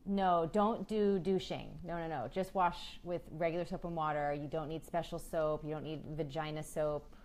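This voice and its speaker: Woman, thirties, low voice, frank and chatty live-stream host, lots of ums. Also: steady tone, normal speed, few pauses, darkish tone. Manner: chatty, reads viewer questions aloud, frequent ums. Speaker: women's health host.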